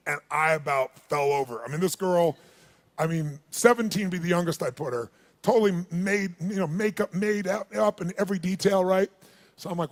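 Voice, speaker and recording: Brief: a man with a high voice, a seminar speaker who tells a story with energy and gets the room to answer. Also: fast. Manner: animated, calls on the audience, acts out dialogue. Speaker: motivational speaker.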